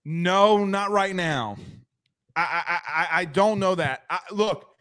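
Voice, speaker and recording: A man's voice: sits high, slow pace, pushed and bright, dry recording, clean studio sound. A man co-hosting a sports podcast in casual chat, full of crude joking banter.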